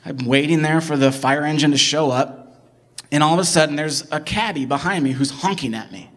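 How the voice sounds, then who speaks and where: A young man from the Midwest telling a personal story in an animated, excitable way, jumping from loud bursts to hushed asides and filling it with "like". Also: a little high, brisk. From American Midwest. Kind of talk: personal story told live.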